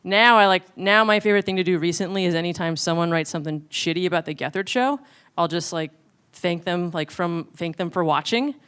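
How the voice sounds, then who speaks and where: Animated woman with a smooth voice. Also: lowish voice, fairly quick. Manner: animated, acts out exchanges. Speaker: comedian panelist. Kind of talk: panel discussion.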